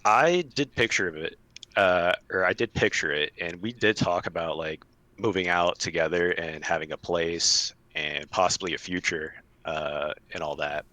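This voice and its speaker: Young guy from florida, really low voice, bright edge, dry sound, keeps saying like. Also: normal speed, dry recording. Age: 20s. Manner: hesitant, lots of "like" fillers. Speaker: call-in guest. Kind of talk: casual chat.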